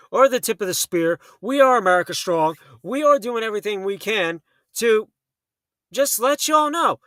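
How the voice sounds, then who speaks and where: High-voiced, heated talk radio man. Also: bright, forceful tone, no echo, clean studio sound. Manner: fast, heated storytelling with acted quotes. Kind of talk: late-night talk radio monologue.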